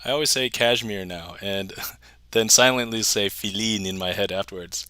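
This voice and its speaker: A man's voice: lowish voice, normal speed, bright, forceful tone, clear, resonant tone, no echo. A young man hosting a casual livestream, chatting with viewers, laughing often and replying to chat. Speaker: magic livestreamer.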